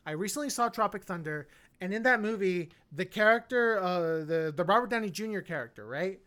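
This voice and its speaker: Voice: medium pitch, animated, brisk, a bit bright. A podcast co-host giving a casual, opinionated film review, rambling with lots of fillers and restarts. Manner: opinionated, blunt.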